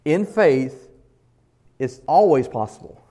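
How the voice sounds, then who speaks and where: A man's voice: a little high, expressive, slow. Earnest male pastor preaching. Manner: earnest, emphatic preaching with shifts in loudness; asks the congregation questions. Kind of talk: sermon.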